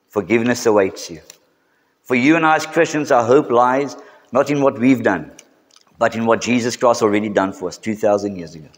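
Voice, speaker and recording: A man with a South African English accent preaching a sermon in a church, building to emphatic, drawn-out key phrases. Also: mid-range voice. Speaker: pastor. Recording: reverberant church hall.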